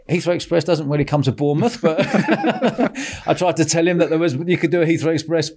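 A man hosting a podcast, telling a lively story with lots of laughter and quoted voices. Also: a little high, racing. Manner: animated, laughing, acts out quotes. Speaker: podcast host. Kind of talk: casual storytelling chat.

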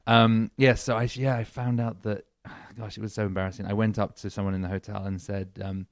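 A man's voice: on the low side, level tone, a little fast, few pauses, no echo, studio quality. A man with an English accent, a comedy duo member chatting in a podcast interview, rambling and self-deprecating with frequent laughs. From England.

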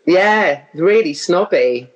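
A woman's voice: lowish voice, animated, slow pace, muffled recording. A middle-aged woman from London with an English accent, talking casually as a guest and drifting off on tangents. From London, England. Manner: chatty, drifts off on tangents, laughs often. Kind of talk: casual chat.

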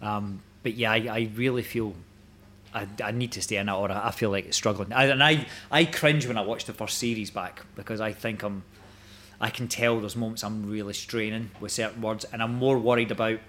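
A man's voice: fairly low pitch, steady tone, brisk, fairly bright tone, slight background noise. A Scottish man in his forties, a guest actor talking casually, rambling with many restarts and hesitations. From Scotland. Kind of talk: casual chat.

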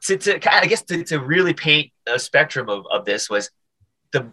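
In a casual podcast interview, a comedian with a fairly high voice tells stories at a normal speed. His delivery is animated, full of stammered restarts, and he performs other people's voices.

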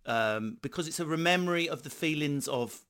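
A man's voice: on the high side, expressive, a little fast, a bit bright, smooth. A man in his thirties with an Essex accent, hosting a casual chat with blunt, sweary, laughing banter. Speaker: podcast host.

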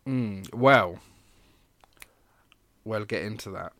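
Guy with a lowish voice, chatty explainer, lots of ums, dry close sound. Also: slow, fairly bright tone, no room sound. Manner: explains history with frequent fillers and restarts. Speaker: podcast co-host. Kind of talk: casual explanatory chat.

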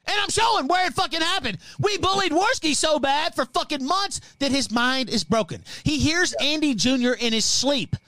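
A man's voice: very high-pitched, animated, moderate pace, hardly any pauses, sharp tone, dry recording. A man hosting a livestream, delivering a profane, threatening, heated rant. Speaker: livestream host.

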